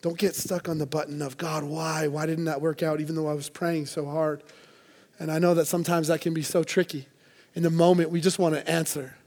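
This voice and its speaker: A man's voice: fairly high pitch, flat delivery, fairly quick, a little mellow. A man preaching a sermon to a church congregation, earnest and conversational, with playful asides. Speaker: pastor.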